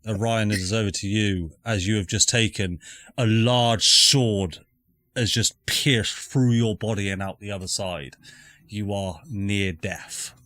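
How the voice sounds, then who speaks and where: Deep-voiced dungeon master. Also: male voice, steady tone, measured pace, fairly bright tone, no echo, studio quality. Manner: descriptive, calling rolls. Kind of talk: narrating a live tabletop game.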